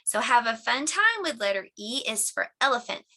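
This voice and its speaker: A middle-aged woman teaching a homeschool lesson, her voice bright and a little high. She talks clearly and patiently, like a teacher walking parents and kids through an activity. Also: big pitch swings, moderate pace. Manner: clear, patient teacher talk with clapping of syllables. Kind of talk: home lesson demonstration.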